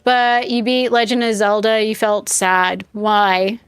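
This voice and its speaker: A woman's voice: medium pitch, level tone, slow, smooth, dry recording. A woman streaming a game live, telling a rambling story in casual chat and talking back to her viewers. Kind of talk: casual chat while playing.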